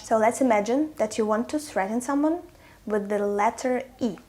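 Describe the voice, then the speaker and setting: A young woman giving a pronunciation lesson, sounding out each example clearly and repeating it. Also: fairly high pitch, normal speed, darkish tone. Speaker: language teacher.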